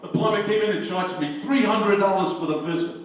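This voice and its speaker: An older man telling jokes to a party crowd, a lively storyteller who hollers his punchlines. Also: high-pitched, fairly quick. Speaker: joke teller at a party. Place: anniversary party. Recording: echoey room, voice from far off, faint noise.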